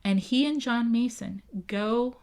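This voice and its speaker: A woman's voice: on the high side, unhurried. A woman who works as a town historian, telling history in a casual podcast interview and often checking in with "right?". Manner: lively, acts out quoted voices, often adds "right?".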